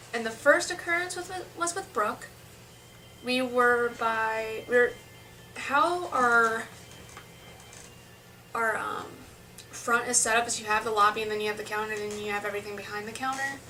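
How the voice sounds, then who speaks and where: A young woman tells a long story to her camera, rambling and restarting as she goes. Her voice sits a little high and sounds bright. She is a bit far from the mic, with a faint hum behind her. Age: young adult. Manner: chatty, rambling with restarts and asides. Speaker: vlogger.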